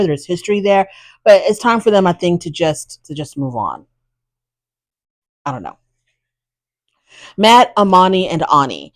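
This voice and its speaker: A woman's voice: lowish voice, no echo, low-quality recording. A woman hosting a casual TV recap, chatty and opinionated with sassy asides. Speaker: reality TV recap host.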